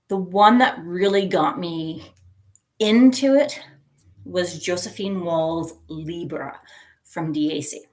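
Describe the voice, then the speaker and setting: A middle-aged woman hosts a relaxed live chat, talking slowly and taking her time between thoughts. Her voice sits a little low for a woman, and she giggles easily while reading out viewers' messages. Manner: chatty, giggly, reads viewer comments aloud. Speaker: livestream host.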